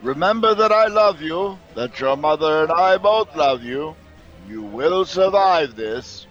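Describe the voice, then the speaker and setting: A man voicing a captured barbarian father who speaks low and earnestly to his family. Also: animated, measured pace, fairly bright tone, muffled recording, soft background music. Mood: urgent. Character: grave captive barbarian father, middle-aged man.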